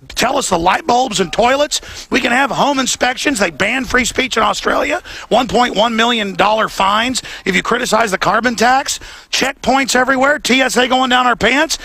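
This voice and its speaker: Male talk-radio host, gravelly high voice, heated and emphatic rant. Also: sharp tone. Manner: fast, heated and emphatic, mocking his critics. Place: outdoors at a protest.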